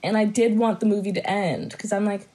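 Breathy young woman with dry, sarcastic asides. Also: mid-range voice, fairly even intonation, a little fast, dark tone, low-quality recording. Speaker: podcast co-host. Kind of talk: casual chat about a movie.

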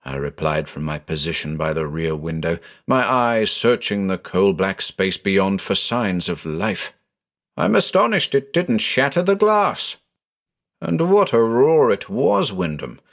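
A man giving a measured, dramatic reading of a first-person detective story. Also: low voice. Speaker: narrator. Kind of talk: storybook narration.

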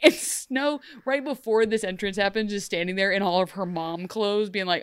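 A young woman chats about a TV episode, animated and joking, slipping into quick voices for the characters. Her voice is smooth and clean. The sound is dry and close. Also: mid-range voice, no echo. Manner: animated, jokey, acts out characters in funny voices. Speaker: podcast co-host. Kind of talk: casual chat recapping a TV episode.

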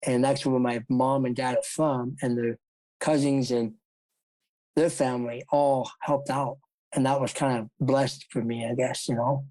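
An ex-jockey from South Dakota, interviewed about his life, speaks in a mellow, medium-pitched voice with fairly even intonation and a measured pace. He rambles, laughs a lot, and acts out what others said. The audio is poor but free of echo.

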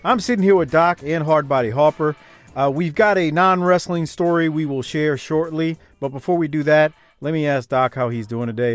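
A man hosting a podcast in casual chat, measured and quick to laugh. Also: on the high side, faint music behind. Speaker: podcast host.

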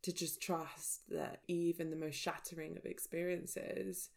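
Woman, from England, deep voice, gravelly, raw reflective vlog talk. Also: flat delivery, a little slow, darkish tone. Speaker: spiritual vlogger. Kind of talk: personal storytelling to viewers.

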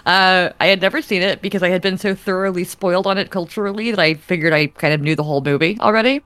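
A woman's voice: on the low side, steady tone, fast, a bit bright, smooth, no room sound. A young woman, a podcast guest, chatting casually with lots of fillers and giggles. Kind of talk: casual chat.

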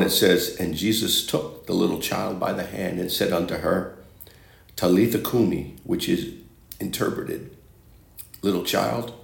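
Gravelly-voiced male preacher, echoey room. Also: low voice. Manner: emphatic, repeats phrases, quotes scripture. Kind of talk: sermon.

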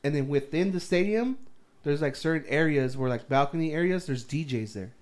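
A young man chats casually with friends, telling a rambling story packed with profanity and laughing his way through it. His voice runs on the high side, animated and a little fast.

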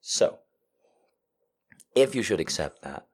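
Man with a low, lively, crude voice. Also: slow, breathy edge. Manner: swings from hushed whispers to loud crude joking; profane and teasing. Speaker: livestream podcast host. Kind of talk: casual storytelling to a live chat.

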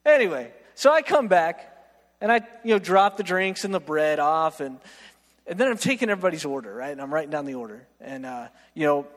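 A man preaching a storytelling sermon, animated and self-mocking, often checking in with "right?". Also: fairly high pitch, a little fast. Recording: long reverb of a large hall.

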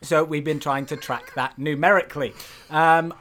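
A man co-hosting a podcast in casual chat, animated and laughing often, with excited protests. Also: fairly high pitch, moderate pace. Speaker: podcast co-host.

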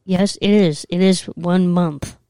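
A woman co-hosting a podcast in casual chat, hesitant with many pauses and ums. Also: fairly low pitch, steady tone, warm tone, clean tone, no echo. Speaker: podcast co-host. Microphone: studio mic.

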